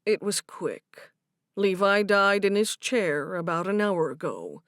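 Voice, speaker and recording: Brief: calm somber man, read by a female narrator, slow and measured, dry sound. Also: mid-range voice, no echo. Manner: slow, steady, subdued. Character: calm grown man delivering bad news. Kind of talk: audiobook character voice.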